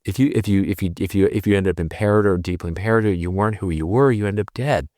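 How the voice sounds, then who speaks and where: A man's voice: low-pitched, mellow, no echo, clean studio sound. A man, a podcast guest, telling a personal story in an earnest, teary way, often restarting his sentences. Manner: earnest, fast rambling with repeated restarts. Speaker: podcast guest, tutoring expert. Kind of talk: emotional conversational storytelling.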